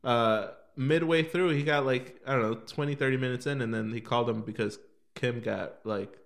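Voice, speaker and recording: A man's voice: medium pitch, normal speed. A man chatting casually with a friend, telling stories animatedly, swearing freely and laughing as he goes. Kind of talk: casual podcast chat.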